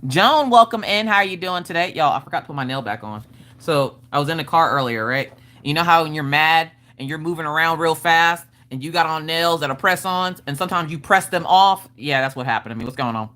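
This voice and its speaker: A woman hosting a casual craft livestream, upbeat, calling out viewers by name and swinging her pitch up and down as she chats. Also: fairly quick, a bit bright. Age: adult, her father watches. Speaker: livestream host greeting chat. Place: home craft room.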